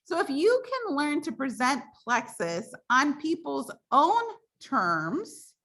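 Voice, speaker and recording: A woman coaching her sales team on a call, chatty and animated. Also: high-pitched, slow. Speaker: direct sales team leader.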